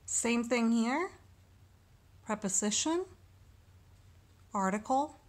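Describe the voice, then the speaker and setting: Woman going thru a lesson really slowly, sounds out each syllable carefully. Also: on the high side, animated. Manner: slow and deliberate, sounding out syllables. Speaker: teacher. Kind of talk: recorded lesson walkthrough.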